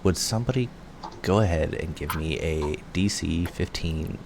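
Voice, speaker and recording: A man's voice: deep voice, normal speed, gravelly, background noise. A man as game master, chatting casually and laughing easily while running a tabletop session from home. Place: home room.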